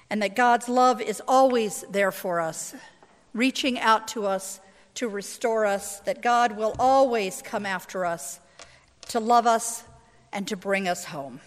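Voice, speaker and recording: A woman's voice: a little high, in a large hall. A woman pastor preaching a sermon in a church sanctuary, talking conversationally and reading scripture expressively.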